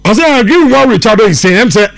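A man's voice: high-pitched, expressive, racing, creaky, a bit bright. Man hosting sports radio. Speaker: radio sports show host. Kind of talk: sports radio talk, reading listener messages.

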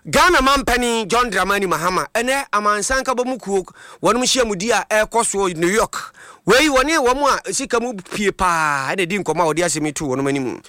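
Male news reporter, high bright voice, fast brisk read, dry studio sound. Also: lively intonation, no room sound. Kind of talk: news voice-over.

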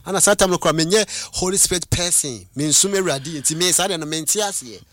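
A man recounting visions and a spiritual calling in a casual conversation, with halting restarts and English phrases mixed in. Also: a little high, a bit bright, no room sound, clean studio sound. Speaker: guest.

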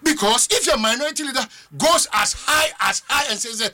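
A man's voice: extremely high pitch, brisk, pushed and bright. A man with a Ghanaian accent giving impassioned political commentary on a talk show, repeating phrases for emphasis.

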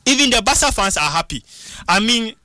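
A man giving animated football punditry, switching into local phrases and acting out what fans and coaches say. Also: sits high, brisk, dry recording, clean studio sound. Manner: excitable, mixes English with local phrases, acts out quotes. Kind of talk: animated sports talk.

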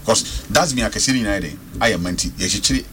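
A man's voice: lowish voice, fairly quick, fairly bright tone, slight background noise. A man with a Ghanaian accent calling in to a radio talk show, speaking with passion and repeating words for stress. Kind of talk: passionate radio call-in commentary.

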